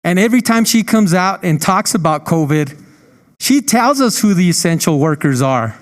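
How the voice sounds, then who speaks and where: A man's voice: high voice, expressive, moderate pace, long reverb tail. A man, a state senator, giving a passionate, emotional floor speech with rhetorical questions.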